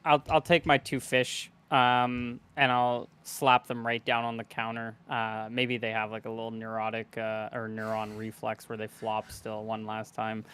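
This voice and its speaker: A man's voice: on the low side, completely flat delivery, measured pace, few pauses, fairly bright tone, clean tone. A man playing a tabletop game, talking hesitantly and rambling, with frequent laughs. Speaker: player. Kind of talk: casual tabletop game play.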